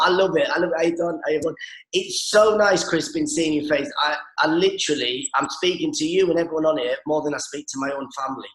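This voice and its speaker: Excitable northeast england guy doing comedy bits on zoom, higher voice, echoey room. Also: fast talker. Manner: animated, excitable storytelling. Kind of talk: stand-up style chat on a video call. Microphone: video call.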